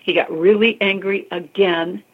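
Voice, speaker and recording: A woman working as a psychic medium, telling a ghost story in an interview in an expressive, chatty way, over a tinny phone-like line. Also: medium pitch, unhurried, slightly rough. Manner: expressive, calls the listener honey and girl.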